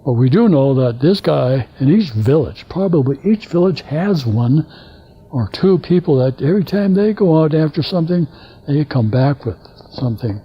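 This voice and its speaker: An older man from Alaska giving a guest lecture, telling stories in a halting, rambling way and acting out the dialogue he quotes. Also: a little high, lively intonation, slightly rough. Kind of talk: anecdotal storytelling lecture. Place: lecture hall. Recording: dull lo-fi lecture recording.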